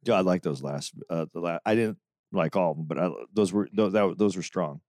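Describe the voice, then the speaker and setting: A man co-hosting a podcast in casual chat, laughing often in lively banter. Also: low voice, fairly quick, no echo, clean studio sound. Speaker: podcast co-host.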